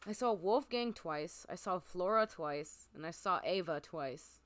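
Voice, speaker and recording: Gushing excitable woman streamer. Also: on the low side, unhurried. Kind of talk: casual gameplay commentary.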